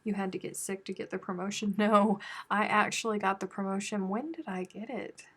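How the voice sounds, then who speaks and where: A woman's voice: medium pitch, a little fast, slightly rough. A woman from the American South with a Southern accent, hosting a casual live chat with viewers and telling chatty stories. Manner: chatty storytelling, animated when telling stories. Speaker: crochet live stream host.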